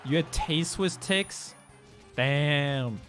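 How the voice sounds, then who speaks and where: A man's voice: on the high side, extremely slow, a bit bright, faint music behind. Laid-back, slangy young man streamer. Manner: laid-back and slangy, swears freely, loose rambling delivery. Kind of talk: casual chat with viewers.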